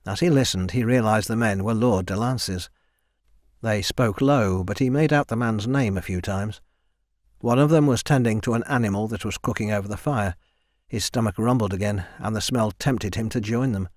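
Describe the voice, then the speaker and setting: A man narrating a fantasy audiobook in a steady, measured way, close to the mic. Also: on the low side, no room sound. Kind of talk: scripted narration.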